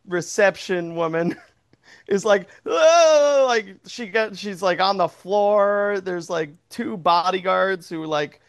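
A man's voice: high voice, steady tone, slow pace, fairly bright tone. A man improvising a goofy story as a game host, laughing often and rambling with fillers. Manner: giggly, rambling, puts on silly voices.

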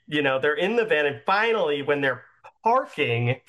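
A man's voice: on the high side, very animated, moderate pace, sharp tone. A young man narrating a tabletop game as game master, rambling with many fillers.

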